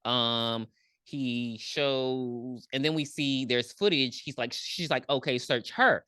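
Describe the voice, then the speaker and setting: A woman's voice: extremely low pitch, fairly even intonation, slow pace, a bit bright, smooth, no echo, studio quality. A woman co-hosting a podcast, retelling a movie's plot in casual chat, acting out the characters' lines and swearing freely. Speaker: podcast co-host.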